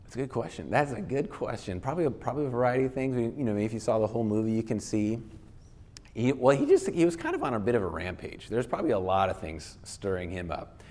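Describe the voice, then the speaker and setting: A man speaking to a live audience in a loose, conversational lecture. He often restarts his sentences and slips into acted-out angry voices to make a point. His voice sits in an ordinary middle pitch. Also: sing-song, fast talker, a little mellow, slight background noise. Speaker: speaker teaching on anger.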